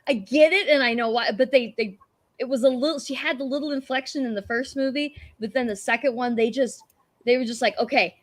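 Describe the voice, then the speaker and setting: A woman hosting a casual podcast chat, animated, swearing and tripping over her words. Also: high-pitched, a little fast. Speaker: podcast host.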